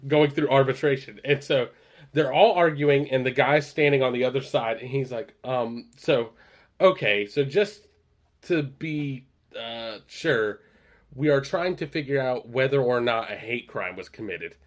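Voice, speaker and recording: A man with a voice of ordinary pitch chats casually on a podcast. He rambles through a retelling with plenty of ums and likes, and his voice rises and gets louder when he acts out what characters say. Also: measured pace. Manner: rambling, lots of fillers, acts out quoted lines louder. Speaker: podcast co-host. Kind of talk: casual chat, retelling a TV episode.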